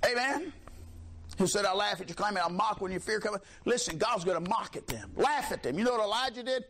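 A man preaching a fiery sermon, shouting, mocking and laughing as the congregation answers back. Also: sits high, expressive, fast talker, noisy background.

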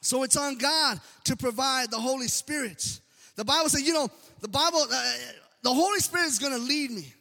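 A man preaching a sermon with passion, swinging from shouts to hushed softness and peppering his talk with amens. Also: very high-pitched, normal speed. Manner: impassioned, swings between shouting and soft hushed delivery; repeats amen often, stammering restarts. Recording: long hall reverb.

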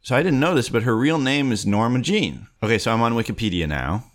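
A man's voice: mid-range voice, brisk. A young man hosting a solo podcast, chatting in a playful, jokey way. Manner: playful, animated, jokey asides. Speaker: podcast host. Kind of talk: solo comedic podcast chat.

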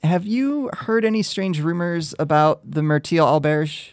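A tabletop player questioning a character politely and curiously, in a mid-pitched, even voice. The sound is dry and close. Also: unhurried, no room sound. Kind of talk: playing a tabletop game in character.

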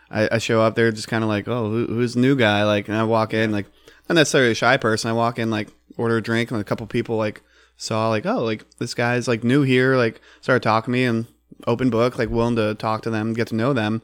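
A man's voice: fairly low pitch, no echo. A man in his twenties in casual conversation, easygoing and saying "like" constantly. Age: 20s. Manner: easygoing, heavy use of "like". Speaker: veteran guest.

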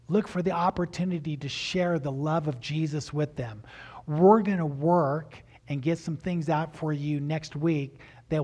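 A man delivers a sermon as a pastor. He tells a personal story in an animated way and acts out the dialogue himself. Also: on the high side, breathy edge.

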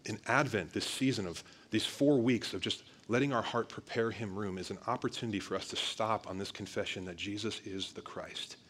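A male pastor preaching an energetic sermon, talking straight to the congregation and pressing his points hard. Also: on the low side, fairly quick, few pauses. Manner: energetic, emphatic preaching with direct address to the congregation.

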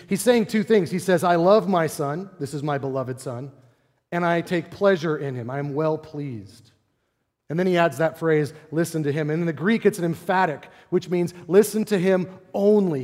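A man preaching a sermon as pastor, animated, moving between loud emphasis and quiet reflective passages. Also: a little high. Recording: long hall reverb.

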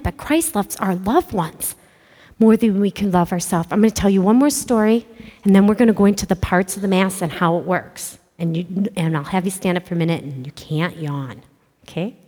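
Woman speaker, lively storyteller with hushed asides, long hall echo, mid pitch. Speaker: catechist speaking to kids. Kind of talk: storytelling religious talk.

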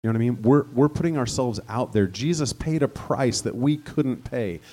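A man's voice: mid-range voice, normal speed, mellow. A man preaching a sermon in a conversational way, now and then rising to fervent emphasis. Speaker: pastor.

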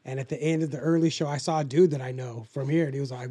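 A man's voice: on the high side, steady tone, very fast, dark tone, husky. A young adult man co-hosting a podcast in casual chat, rambling and profane with lots of filler words. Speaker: podcast co-host.

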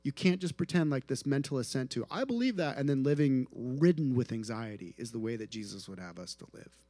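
A man preaching a sermon at an outdoor tent gathering, earnest, moving between soft hushed passages and rising emphatic ones. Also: mid-range voice, a little fast, no room sound. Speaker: pastor.

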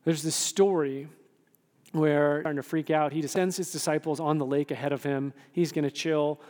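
A man pastor giving an animated sermon, often asking the room "right?" and acting out quotes. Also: a little high, normal speed. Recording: long hall reverb.

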